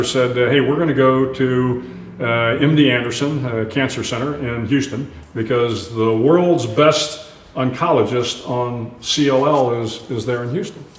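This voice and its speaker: An older man in his sixties tells a personal story on a live event stage, earnest and anecdotal, circling back through restarts and fillers. His mid-pitched voice carries the roomy sound of a hall. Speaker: retired admiral and author, guest. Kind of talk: storytelling in a live onstage conversation.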